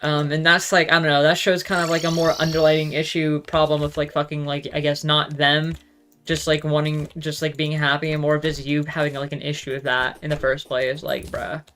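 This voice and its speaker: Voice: mid-range voice, level tone, brisk, fairly bright tone. Someone just ranting solo, swears a ton, says like constantly, rambly, faint music under it. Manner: rambling, profane, heavy use of "like". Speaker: solo talk show host. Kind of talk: casual ranting monologue.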